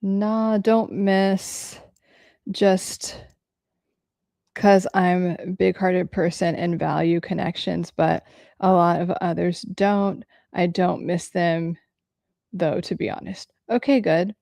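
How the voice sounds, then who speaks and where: A woman's voice: lowish voice, steady tone, takes it slowly, creaky, mellow, dry recording, studio quality. A woman hosting a casual livestream, answering viewer comments candidly and swearing freely.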